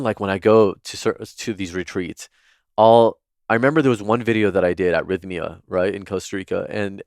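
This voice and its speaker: A man's voice: deep voice, clean tone, no echo, clean studio sound. A man who is a podcast guest, telling stories in a chatty, earnest way with lots of fillers like "like" and "you know.". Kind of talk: casual storytelling in interview.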